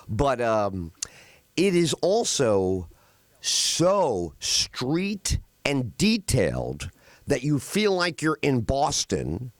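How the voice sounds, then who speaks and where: A man hosting a radio talk show, telling film scenes with animated delivery. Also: mid-range voice, no room sound. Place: radio studio.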